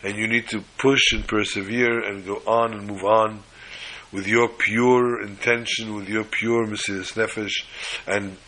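A man's voice: fairly low pitch, little pitch movement, unhurried, bright, forceful tone, poor audio. A man giving a sermon, emphatic, piling up repeated phrases and restarts.

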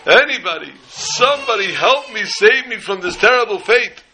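A man's voice: high-pitched, animated, normal speed, bright, forceful tone, slight background noise, pitched above the performer's own voice, heavily acted, low-quality recording. A man playing a wailing, panicky young man. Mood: pleading. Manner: melodramatic, pleading.

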